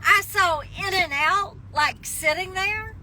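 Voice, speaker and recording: A woman's voice: extremely high pitch, slow pace, sharp tone, slight background noise. A woman telling a dramatic story to her phone from inside a car, laughing often as she goes. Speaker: social media live streamer. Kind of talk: casual storytelling.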